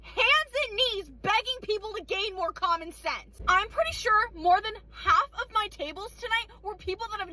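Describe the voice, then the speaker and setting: A teenage woman rants bluntly about serving tables, exasperated and swearing freely. Her voice sits very high. A steady hum of vehicle noise runs underneath, recorded in a car. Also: rough recording. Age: late teens. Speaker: restaurant server. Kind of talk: ranting vlog monologue.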